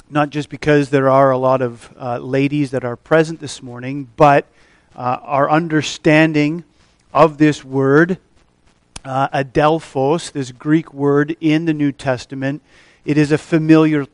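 A man's voice: on the high side, no echo. Man preaching a careful expository sermon. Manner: measured expository preaching with frequent uh fillers. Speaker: pastor.

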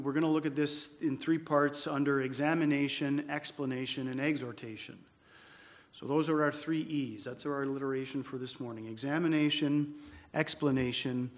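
A male pastor preaching an expository sermon in church, emphatic, slowing down to repeat key phrases. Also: on the high side.

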